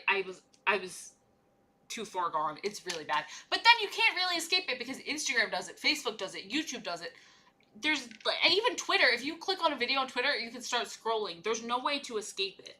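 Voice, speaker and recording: A woman's voice: a little high, very animated, fairly quick, bright, forceful tone. A young woman chatting casually and playfully while she paints miniatures on a livestream, rambling from one joke to the next.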